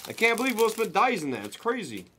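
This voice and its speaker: A man hosting a card break, chatting casually and rattling off pulls with excited running commentary. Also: high voice, quick pace, background noise. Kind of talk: casual chat while opening cards.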